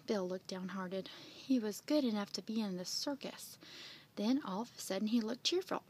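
A woman reading a children's picture book aloud in an expressive read-aloud manner. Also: mid-range voice, normal speed, slightly rough. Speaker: storybook reader.

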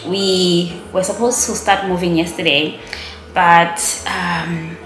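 A woman's voice: fairly low pitch, little pitch movement, slow pace, a bit bright, faint music behind. Chatty woman in an echoey room. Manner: rambling, self-conscious, chatty. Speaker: vlogger. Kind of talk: casual vlog chat to camera.

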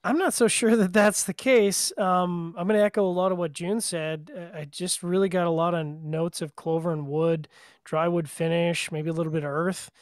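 A man's voice: a little high, level tone, normal speed, clear, resonant tone, no echo, studio quality. A man from Canada co-hosting a casual podcast, chatty and joking, with many fillers. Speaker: podcast co-host.

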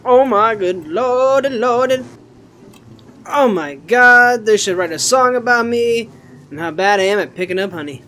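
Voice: mid-range voice, unhurried, bright, forceful tone. A gaming channel host giving casual let's-play commentary, goofy and rambling, swearing often.

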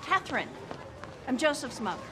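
An actress playing an indignant, combative mother who accuses and shouts in outrage. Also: big pitch swings, moderate pace, slight background noise, heavily acted. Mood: outraged. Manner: indignant, accusing, shrill outbursts. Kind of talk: film comedy acting.

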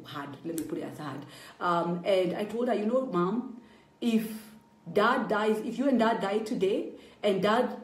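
A woman's voice: medium pitch, darkish tone. Woman preaching testimony in echoey room. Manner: emphatic storytelling, rises when pleading. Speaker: apostle preaching. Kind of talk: personal testimony sermon. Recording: roomy echo.

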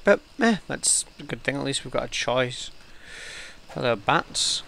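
A man talks through his game session in a loose, chatty way, reacting aloud and getting easily excited. His voice has a bright edge with a gravelly fry underneath, and the pitch sits in a middle range for a man. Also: moderate pace, a little hiss or hum. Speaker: gamer. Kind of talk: let's play commentary.

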